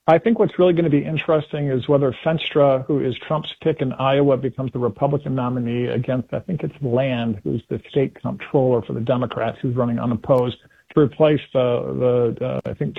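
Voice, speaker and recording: A man's voice: medium pitch, a little fast, vocal fry, breathy edge, no echo. Man on a tinny phone line. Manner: animated, acts out quotes in put-on voices. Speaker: political commentator guest. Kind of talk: casual political talk on radio. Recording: phone-line call-in audio.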